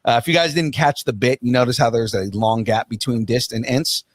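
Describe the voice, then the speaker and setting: A young man hosting a casual podcast, rambling through a story with laughs and a loud sign-off. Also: mid-range voice, fairly quick. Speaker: podcast host.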